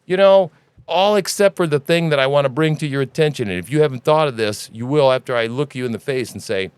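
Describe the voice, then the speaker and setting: A man hosting a news commentary podcast, ranting in an animated, sarcastic and profane way. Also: mid-range voice, fast, smooth, dry recording. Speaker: podcast host.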